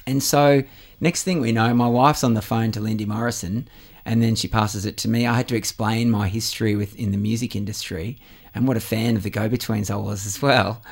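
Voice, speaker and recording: Low-voiced man, halting and earnest. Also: steady tone. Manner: earnest, halting, many ums and uhs. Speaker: musician guest. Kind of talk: radio interview.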